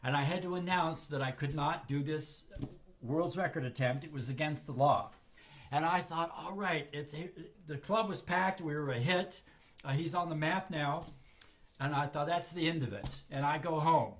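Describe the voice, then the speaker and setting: An older man from Southern California casually telling a personal anecdote, acting out other people's lines in lively voices. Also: fairly high pitch, normal speed, a little hiss or hum. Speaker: storyteller.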